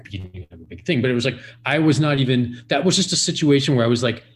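A man's voice: medium pitch, animated, fast talker, a little hiss or hum. A man in his forties, a podcast guest, telling a profane, rambling story full of "like" fillers. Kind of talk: casual storytelling.

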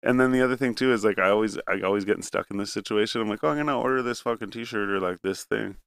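A man's voice: lowish voice, quick pace, gravelly, fairly bright tone, dry recording. A young man from Canada in casual chat, telling a rambling, profane story with acted-out asides.

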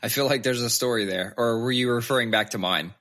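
A man's voice: medium pitch, fast talker, bright, forceful tone. A man in his thirties chatting candidly about his kids, swearing freely and acting out their lines. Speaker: podcast co-host. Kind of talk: casual chat.

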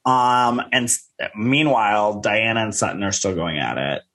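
A man's voice: normal speed, a bit bright. Male co-host, gossipy and playful, casual chatter. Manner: gossipy, laughing, quotes people in high mocking voices. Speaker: podcast co-host. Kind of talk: casual recap chat.

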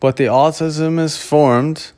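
A man's voice: a little high, fairly even intonation, takes it slowly, a little mellow. A man talking to camera in a casual monologue, rambling and often stopping to search for words. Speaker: vlogger.

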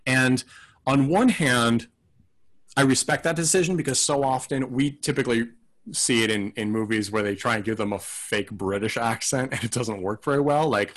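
A man's voice: medium pitch, moderate pace, fairly bright tone. A man co-hosting a casual film podcast, talking in a thoughtful, rambling, hedging way. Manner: acts out mock quotes in silly voices.

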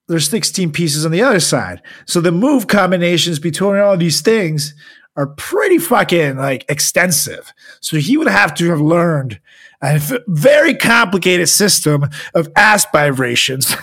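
A man's voice: sits high, a little slow. A man co-hosting a comedy podcast, telling a story with lots of jokes and laughter. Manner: joking, laughs often, animated storytelling. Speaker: podcast co-host. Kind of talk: casual comedic podcast chat.

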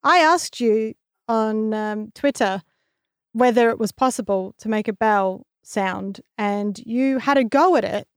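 A woman's voice: on the high side, a little slow, clear, resonant tone, no room sound, clean studio sound. A young woman co-hosting a podcast, explaining things with enthusiasm. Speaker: podcast co-host. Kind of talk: casual chat on a science podcast.

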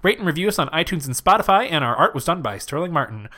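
A man's voice: on the high side, very animated, fast talker, bright, forceful tone. A young man co-hosting a podcast, chatting casually and joking with lots of fillers and giggles. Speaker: podcast co-host. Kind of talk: casual chat.

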